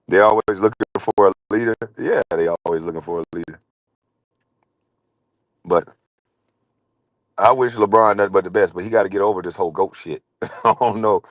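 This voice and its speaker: A man in his forties gives casual commentary with a low-pitched voice. He talks bluntly and rambles, getting heated as he goes. The sound is dry and close, with no room echo. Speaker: show host.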